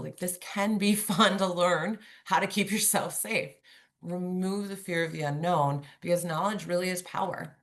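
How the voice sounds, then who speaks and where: A woman's voice: fairly low pitch, a bit bright. A woman giving a conversational webinar presentation over a video call, chatty and humorous, acting out examples as she goes. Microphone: remote video call.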